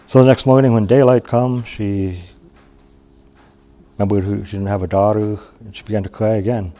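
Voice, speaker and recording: A man from Wisconsin tells a traditional story in a low, gravelly voice. His tone is mellow and plain-spoken. He talks unhurriedly, with pauses and restarts. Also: steady tone.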